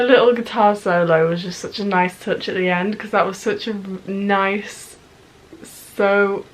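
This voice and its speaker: A woman's voice: medium pitch, poor audio. Gushing, giggly young woman. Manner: gushing, giggly, says "literally" a lot. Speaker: music reaction vlogger. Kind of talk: casual first-listen album reaction. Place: at home late at night.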